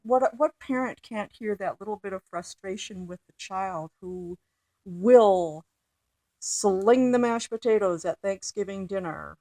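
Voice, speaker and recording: The recording is echo-free and the voice mid-range and mellow: a woman lecturing on literature. After reading a poem aloud, she explains its meter haltingly and slowly, often restarting and leaning on fillers.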